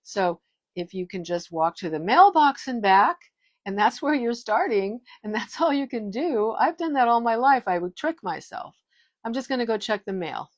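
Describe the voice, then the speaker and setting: A woman's voice: on the high side, animated, moderate pace, dry recording, highs cut off. Emphatic, blunt woman vlogger in her fifties. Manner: emphatic, firm and blunt, with restarts. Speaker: wellness vlogger. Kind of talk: casual direct-to-camera monologue.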